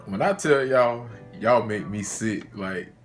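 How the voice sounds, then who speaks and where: A man's voice: lowish voice, slow, music in the background. A man with a Southern US accent ranting in a casual sneaker vlog from his car, agitated, slangy and profane. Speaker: sneaker vlogger.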